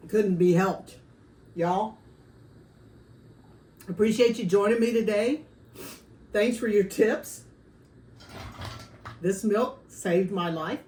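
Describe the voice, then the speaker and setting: A woman's voice: medium pitch, slow, long pauses, mellow. A woman hosting a casual food-tasting vlog, chatty and friendly, her mouth burning from hot salsa. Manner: chatty, friendly, says y'all. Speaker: vlogger host. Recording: roomy echo, faint background noise.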